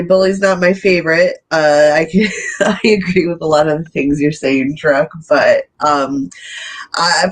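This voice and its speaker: A podcast panelist in casual review chat, measured and hesitant, thinking aloud. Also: mid-range voice.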